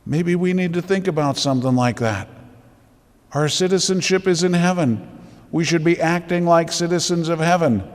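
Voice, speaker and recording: A priest giving a homily with emphatic rhetorical questions, building to intense exhortation. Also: male voice, a little high, normal speed, long reverb tail. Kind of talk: sermon. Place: church.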